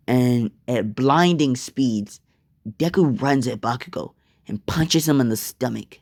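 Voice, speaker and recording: A man's voice: medium pitch, normal speed, darkish tone, no room sound, studio quality. A young man casually telling a fan-fiction story, rambling and swearing.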